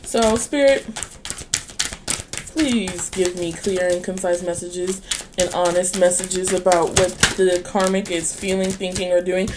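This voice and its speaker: A woman's voice: lowish voice, fairly even intonation, background noise. A woman giving a casual tarot reading in a blunt, sassy, slangy style, swearing freely and laughing often. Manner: laughs often, drawn-out speech. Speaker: tarot reader.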